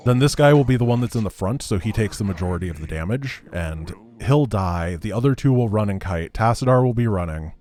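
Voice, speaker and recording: Man narrating his game, lively pitch. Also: a little fast, few pauses. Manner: talks through plans, then frustrated outbursts. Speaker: streamer playing a strategy game. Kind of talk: live gameplay commentary.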